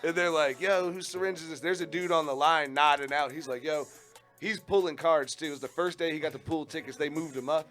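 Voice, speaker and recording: A man in casual radio chat tells a rowdy story, his voice sitting a bit high and full of swearing and quick laughs. Faint music plays underneath. He jumps into loud, animated voices when he quotes people. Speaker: radio show host.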